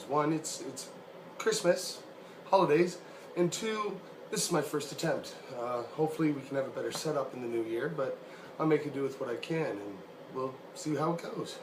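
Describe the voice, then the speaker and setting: A man with a somewhat high voice chats hesitantly as he opens his show, often stumbling into restarts. The room is echoey. Loud background noise sits under him. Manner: hesitant, halting. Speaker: host. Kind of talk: casual intro chat.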